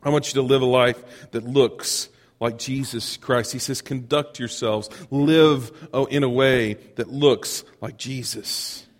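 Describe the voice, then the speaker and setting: A man preaching a storytelling sermon, animated and chuckling, often asking his congregation questions. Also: mid-range voice, measured pace. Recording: long reverb of a large hall.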